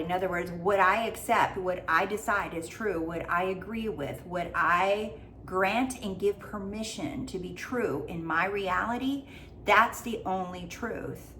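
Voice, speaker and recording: A woman's voice: medium pitch, measured pace, pushed and bright, a little hiss or hum. A woman life coach giving a casual motivational talk, goofy, blunt and freely swearing.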